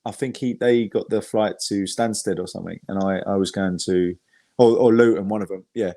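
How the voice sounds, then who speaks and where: Guy, lowish voice, dry close sound, chatty and sweary guest storyteller. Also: fairly even intonation, moderate pace, mellow, dry recording. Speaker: guest, football fan. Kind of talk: casual podcast chat.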